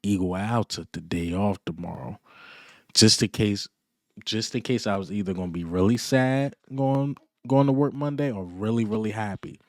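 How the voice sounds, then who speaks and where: A man giving a casual, excited fan reaction rant, boastful and full of repeated punchlines and trash talk. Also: fairly low pitch, moderate pace, no echo, studio quality. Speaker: sports fan vlogger.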